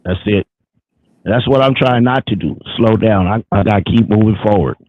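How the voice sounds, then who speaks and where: A man's voice: lowish voice, moderate pace, no echo, phone-quality sound. A man hosting a podcast, mostly backing up his guest with short words of agreement. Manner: short affirming interjections. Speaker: podcast host. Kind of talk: casual interview chat.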